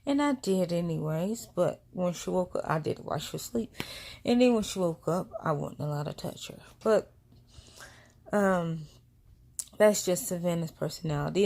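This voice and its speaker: A woman's voice: lowish voice, vocal fry, mellow. A woman vlogger, telling a family story in a casual, rambling way with many asides. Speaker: vlogger and mother.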